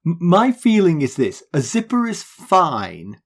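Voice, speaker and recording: A man's voice: a little high, huge pitch swings, unhurried. A man co-hosting a podcast, teasing his partner with wry banter in casual chat. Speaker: podcast co-host.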